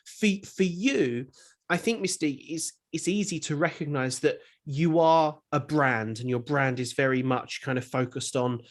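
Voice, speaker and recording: A man's voice: a little high, a little slow. A man hosting a podcast interview, asking long, rambling questions with many repeated words. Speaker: podcast host. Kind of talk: casual interview chat.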